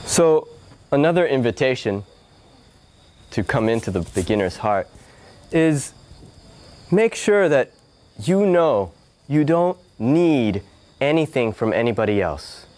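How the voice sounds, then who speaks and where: A man's voice: mid-range voice, slow, long pauses. A man giving a spiritual talk, telling a personal story and acting out his family's voices. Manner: animated, acts out family voices. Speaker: spiritual speaker. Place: yoga hall.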